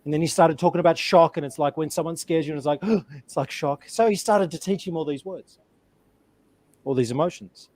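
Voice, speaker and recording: A man's voice: on the high side, brisk, a little mellow. A man on an online panel, telling a fable in an earnest way, often repeating his words, over a video call. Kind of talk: storytelling a fable.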